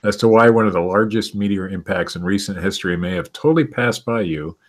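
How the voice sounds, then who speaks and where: A man with a low voice reads strange news stories to his co-hosts. He halts and restarts often and keeps breaking into laughter as he reads. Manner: reads stories haltingly, laughing through them. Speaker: podcast co-host reading news stories. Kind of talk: casual chat reading news aloud.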